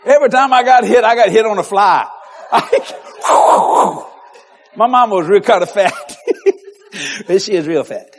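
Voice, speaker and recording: A man's voice: sits high, measured pace. A man with a Cajun accent, preaching humorously through childhood stories and laughing as he tells them.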